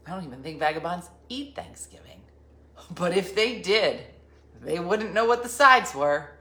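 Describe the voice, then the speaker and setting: A woman's voice: fairly low pitch, animated, moderate pace, sharp tone. A woman host telling a rambling, jokey story in casual chat. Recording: roomy echo with faint ambience.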